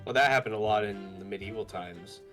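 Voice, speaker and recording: A man's voice: on the low side, fairly quick, music in the background. A man co-playing a game, chatting casually with a wry manner. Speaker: co-player. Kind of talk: casual let's-play chat.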